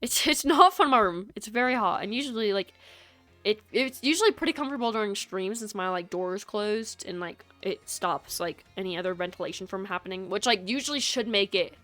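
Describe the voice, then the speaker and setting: A woman's voice: mid-range voice, expressive, brisk, fairly bright tone, soft background music. A woman game streamer chatting casually in her bedroom, rambling and self-deprecating. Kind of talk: casual live-stream chat. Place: small bedroom. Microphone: streaming setup.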